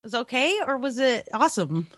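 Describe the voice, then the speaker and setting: Bright, lively woman podcast co-host. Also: fairly high pitch, normal speed, no room sound, studio quality. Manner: laughing, rambling, playful. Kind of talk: casual podcast banter.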